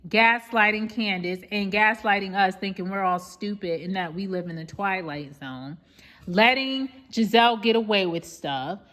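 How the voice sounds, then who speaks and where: A woman's voice: mid-range voice, fairly bright tone. A woman vlogger giving an emphatic, indignant rant recap of a reality show, often calling out to viewers as "y'all".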